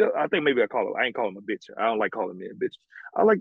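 Talking fast in a mid-range, creaky, husky voice, a former college hoops player from the American South tells animated, foul-mouthed stories bluntly during a casual interview. The recording is dry and muffled.

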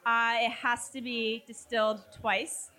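A woman's voice: a little high, little pitch movement, measured pace, pushed and bright. A woman guest, a brand representative, talking in a chatty, upbeat way at a tasting event, with lots of casual fillers.

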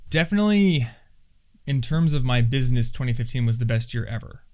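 A young man hosting a casual podcast, chatty and quick to laugh, with lots of fillers. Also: medium pitch, animated, darkish tone. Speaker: podcast host and YouTuber.

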